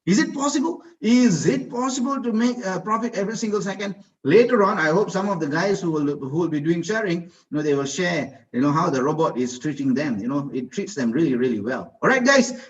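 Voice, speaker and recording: Man, high voice, enthusiastic presenter, repetitive, dull lo-fi online audio. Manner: enthusiastic, repetitive, rhetorical questions. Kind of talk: live online slide presentation.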